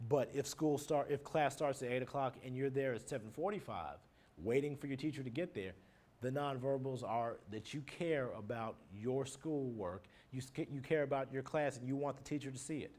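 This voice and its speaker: A man's voice: mid-range voice, normal speed, darkish tone. Man lecturing a class. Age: adult, married. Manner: plain explanatory teaching with lists and examples. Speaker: teacher. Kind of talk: recorded lecture on nonverbal communication.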